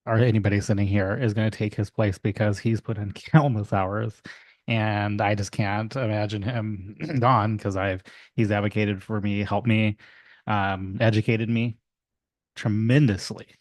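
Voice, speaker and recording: Man, mayor, low voice, dry sound, emotional, rambling, lots of fillers, council chamber desk mic. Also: fairly even intonation, measured pace, dry recording. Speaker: mayor chairing a city council meeting. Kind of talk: council meeting remarks.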